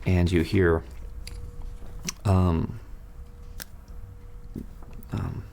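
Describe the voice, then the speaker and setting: A man narrating as dungeon master in a tabletop game, dropping to a hush for secrets. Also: low-pitched, flat delivery, drawn-out words, creaky, slight background noise.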